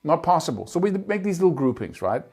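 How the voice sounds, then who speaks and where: With a slightly high, sing-song voice and quick pace, a man teaches guitar to camera. He explains picking technique with earnest emphasis, often sounding rhythms out in syllables.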